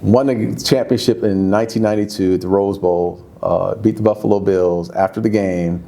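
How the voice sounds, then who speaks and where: A man in his fifties, a former football player, telling stories in a candid, casual interview, his voice jumping high when he gets excited. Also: moderate pace, gravelly. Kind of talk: candid conversational storytelling.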